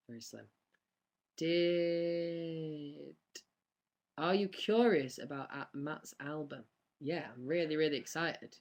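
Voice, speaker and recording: A young man, chatting casually on a live stream and answering fan questions with lots of ums and laughs. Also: medium pitch. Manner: chatty, rambling, laughs often, many ums.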